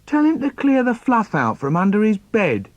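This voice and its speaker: A man's voice: high-pitched, huge pitch swings, moderate pace, a little mellow, no room sound, muffled recording, pitched above the performer's own voice. A man with a London accent voicing a smug older brother who nags in a sing-song way. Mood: nagging. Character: bossy older brother, young boy, smug.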